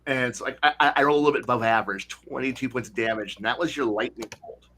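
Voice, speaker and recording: A man hosting a casual podcast chat about tabletop games, talking animatedly and slipping into quick voices for players. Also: mid-range voice, pushed and bright, slightly rough. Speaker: podcast host.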